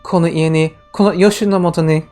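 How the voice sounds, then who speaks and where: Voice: medium pitch, fairly even intonation, fast, warm tone, soft background music, close to an everyday voice. A streamer reading out a devoted, overly formal young wife's game lines in a plain voice. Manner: stiff, overly polite speech.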